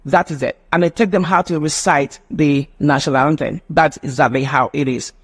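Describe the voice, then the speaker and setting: A man's voice: fairly high pitch, normal speed, breathy edge. A man teaching a live online phonetics class, often asking rhetorical questions. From Nigeria. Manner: animated, mimics children's voices, asks rhetorical questions.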